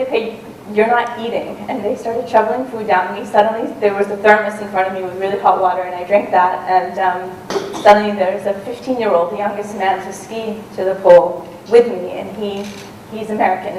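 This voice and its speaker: A woman's voice: mid-range voice, fairly even intonation, a little fast, hardly any pauses, darkish tone. Woman speaker, casual storytelling talk with ums, distant mic, faint hum behind. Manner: conversational, with frequent ums and restarts. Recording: roomy and distant with faint noise.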